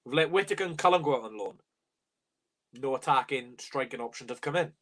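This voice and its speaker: A man's voice: medium pitch, lively intonation, a little fast, a bit bright. A young man hosting a live fan reaction stream, ranting bluntly and swearing in exasperation. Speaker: fan channel host.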